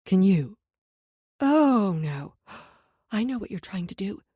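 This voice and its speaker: A fiery young heroine, sharp-tongued and quick to blow up, as a woman narrator puts her on. Her voice leaps around, loud and biting. It is read close to the mic in a dry studio. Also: mid-range voice, sing-song, husky, no room sound, heavily acted. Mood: indignant.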